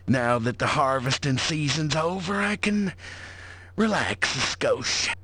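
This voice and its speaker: A man's voice: a little high, takes it slowly, pushed and bright, slight background noise. An actor playing a laid-back male villager in a video game, drawling with slangy, conspiratorial asides.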